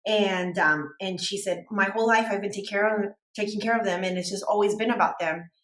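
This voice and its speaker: A woman's voice: mid-range voice, a little fast, fairly bright tone. Rambling storyteller woman in an echoey room. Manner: rambling, heavy use of "like". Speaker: podcast team member telling a story. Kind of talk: casual chat storytelling.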